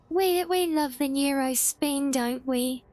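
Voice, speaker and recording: A woman's voice: high voice, a little mellow. A woman livestreaming a game, chatting casually with her chat, giggly and bubbly.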